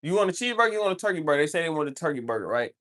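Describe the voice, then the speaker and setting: Casual livestream chat, bright tone, meandering, repetitive fillers, mid pitch. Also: very animated, racing. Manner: meandering, repeats "you know what I'm saying" often.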